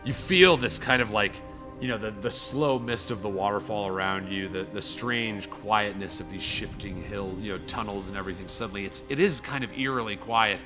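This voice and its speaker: A man narrating a tabletop game as game master, animated and rambling, with many fillers. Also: lowish voice, normal speed, over music.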